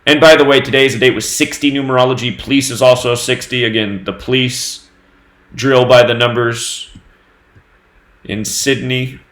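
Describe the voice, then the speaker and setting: Man, medium pitch, solo commentary, steady number-heavy delivery, echoey room. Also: normal speed. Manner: steady running reading of dates and number sums. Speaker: host of a numerology news channel.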